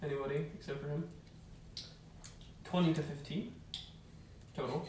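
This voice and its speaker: A man's voice: a little high, steady tone, normal speed, a little mellow, slight background noise. A man running a tabletop game as game master, narrating and teasing the players, in an echoey room far from the mic.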